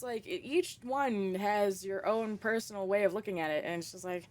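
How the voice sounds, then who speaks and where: A woman's voice: mid-range voice, normal speed, hardly any pauses. A young woman streaming a horror game, chatting casually with viewers, laughing often and swearing freely. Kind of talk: casual live-stream chat.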